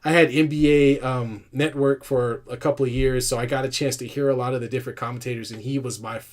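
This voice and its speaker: A man's voice: mid-range voice, fairly even intonation, fast talker. A man co-hosting a casual sports talk show, ranting animatedly with frequent restarts and laughs. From California. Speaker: podcast co-host.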